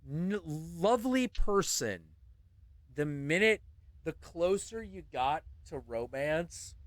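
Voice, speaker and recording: A man with a fairly high pitch takes a slow pace on a dry recording. Hosting his podcast, he tells an animated story in casual conversation, cursing and imitating the people involved.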